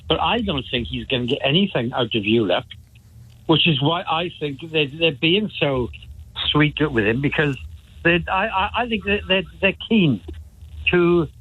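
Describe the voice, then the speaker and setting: A man's voice: on the high side, husky. A man calling a radio phone-in, speculating and repeating himself as he weighs things up. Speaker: radio caller. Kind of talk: phone-in opinion call. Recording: phone line.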